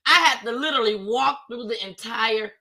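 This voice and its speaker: A woman with a bright, forceful voice tells a story on a casual live stream. She speaks, pitched a little high, and acts out every line with lively drama. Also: normal speed. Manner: animated storytelling, acting out her own panicked cries. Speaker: storyteller guest.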